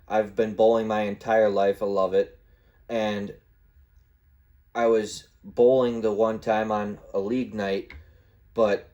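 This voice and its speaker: A man's voice: fairly low pitch, warm tone, muffled recording. A young man hosting a podcast, rambling casually and swearing freely. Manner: rambling, swears freely, acts out his own gaming trash talk. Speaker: podcast host. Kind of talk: casual solo podcast chat.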